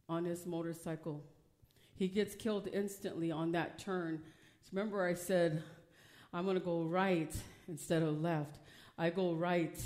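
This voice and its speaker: A woman preaching a personal testimony, swinging from hushed storytelling to loud, emotional preaching. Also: fairly low pitch. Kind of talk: testimony sermon.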